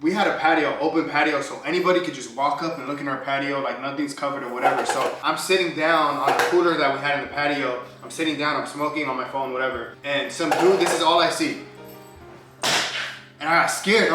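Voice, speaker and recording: A man's voice: on the high side, distant mic, noisy background. Slangy young man telling a story. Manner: animated storyteller, acts out quotes, slangy. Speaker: vlogger. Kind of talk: casual storytelling. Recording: echoey room, voice off-mic, music behind.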